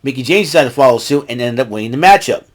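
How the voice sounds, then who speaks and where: This podcast host talks very fast in a mid-range voice with lively intonation as he recaps wrestling on a casual show. He meanders through what happened, raising his voice whenever he quotes someone.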